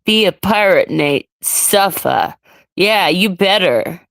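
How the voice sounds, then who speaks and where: Woman streamer, slow and dry, ranting at chat. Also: lowish voice, expressive, vocal fry, fairly bright tone, no echo. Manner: ranting, irritated, reacting to chat. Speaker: livestream host. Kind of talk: casual solo livestream chat.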